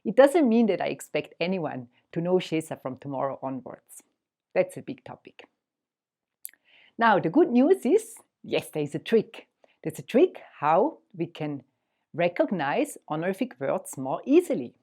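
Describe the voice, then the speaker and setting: A woman teaching a language lesson in a gentle, patient, encouraging way. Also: fairly low pitch, sing-song, unhurried.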